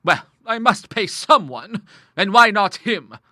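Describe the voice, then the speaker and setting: A man voicing a stern, grim older woman in an audiobook, speaking with forceful scorn. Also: high-pitched, big pitch swings, unhurried, no echo, clean studio sound, voice pushed up, exaggerated voice. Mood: brisk. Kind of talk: audiobook character voice.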